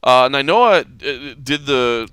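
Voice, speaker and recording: A man hosting a sports podcast, telling stories in a casual, animated way with frequent restarts. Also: medium pitch, slow pace, clear, resonant tone, dry recording. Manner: animated storytelling with many restarts. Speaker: podcast host.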